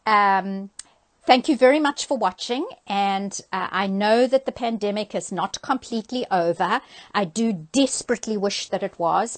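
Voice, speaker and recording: An older woman hosting a sewing live stream, chatting casually through announcements with frequent ums and uhs into a handheld phone. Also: mid-range voice.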